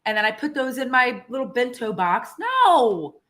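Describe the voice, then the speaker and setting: A woman giving a casual motivational talk to her viewers, earnest and emotional, animated, with pauses and restarts. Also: a little high. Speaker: motivational vlogger.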